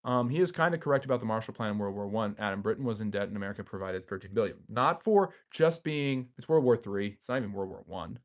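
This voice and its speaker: Guy doing a live-stream q&a, reads chat out loud and answers on the fly, pretty chatty. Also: lowish voice, expressive, fast, hardly any pauses. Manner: reads viewer comments aloud and answers off the cuff. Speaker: history channel host.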